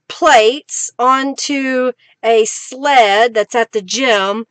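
High, bright-voiced woman chatting slowly. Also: no room sound. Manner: chatty, reads viewer comments aloud and laughs often. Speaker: craft livestream host. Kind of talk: casual livestream chat with viewers.

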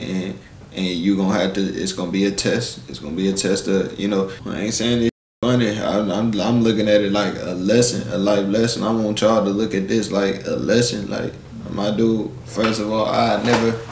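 A man's voice: lowish voice, reverberant, a little hiss or hum. A man giving a blunt, preachy commentary in street slang, lecturing his viewers and calling them "bro". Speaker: live-stream commentator. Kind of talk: casual commentary rant.

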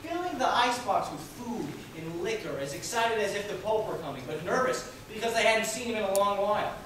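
A young man playing an intense, troubled teenage son in a live stage monologue, speaking theatrically and swinging between hushed and loud passages. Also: high voice, lively intonation, brisk. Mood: brooding. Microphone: distant room mic. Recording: distant, echoey theatre hall, noisy.

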